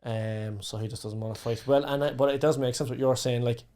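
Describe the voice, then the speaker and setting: A young man co-hosting a podcast, chatting casually and eagerly jumping in with his opinions. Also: medium pitch. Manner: animated, quick to jump in with opinions. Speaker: podcast co-host. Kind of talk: casual chat.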